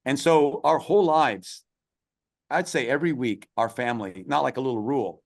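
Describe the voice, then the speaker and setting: A man's voice: medium pitch, normal speed, gravelly. A middle-aged man, a podcast guest, telling a long story in an earnest, emphatic way. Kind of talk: storytelling interview.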